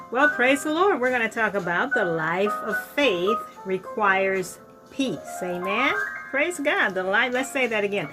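A middle-aged woman minister preaching a sermon with fervor, swinging from loud exclamations to hushed whispers. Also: mid-range voice, lively intonation, a little slow, hardly any pauses, over music.

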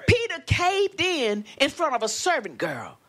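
A woman preacher delivering a sermon with lively call-and-response exclamations and a Black lilt. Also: high-pitched, unhurried.

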